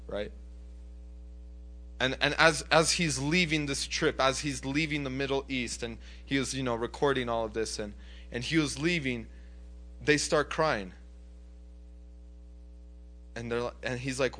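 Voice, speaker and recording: A man preaching a sermon with passion, swinging from loud urgent appeals to hushed storytelling. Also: medium pitch, measured pace, long pauses.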